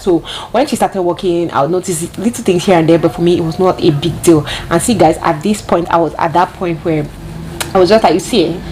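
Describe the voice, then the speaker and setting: A woman with a lowish voice tells a storytime tale. She talks straight to her viewers and repeats points for emphasis. A faint hiss sits under her voice. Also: darkish tone, poor audio. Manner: chatty, addresses viewers directly, repeats herself for emphasis. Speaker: vlogger. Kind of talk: storytime monologue.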